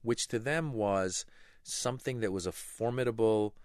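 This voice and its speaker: A middle-aged man from Iran, a stand-up comedian telling lively anecdotes in an interview and acting out voices. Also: on the low side, moderate pace, dry recording, studio quality. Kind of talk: animated storytelling interview.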